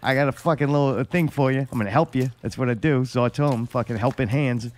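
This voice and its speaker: A man's voice: medium pitch, quick pace, a little mellow, slight background noise. A man hosting a podcast in casual chat, ranting crudely with a lot of profanity. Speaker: podcast host. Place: studio.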